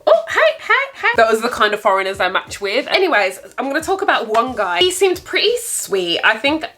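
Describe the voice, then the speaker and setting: Young woman vlogging, chatty and playful, kinda high voice, swoops way up sometimes. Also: expressive, a little fast, pushed and bright. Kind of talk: casual story-time chat to camera.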